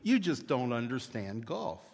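A man voicing a golfer husband who calmly explains himself away, recorded in an echoey church. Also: medium pitch, measured pace, gravelly, exaggerated voice. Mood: sheepish. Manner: matter-of-fact, excusing himself. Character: sheepish husband home from golf.

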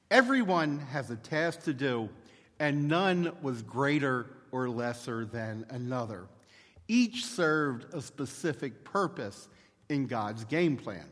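A male pastor preaching a sermon in a measured, storytelling manner. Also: mid-range voice, long reverb tail.

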